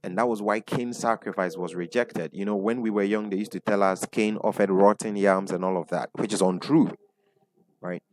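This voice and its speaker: Lower-pitched Ghanaian man teaching a webinar. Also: fairly even intonation, normal speed. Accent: Ghanaian English. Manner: repeats points, asks the audience, frequent "right?" tags. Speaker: online business coach.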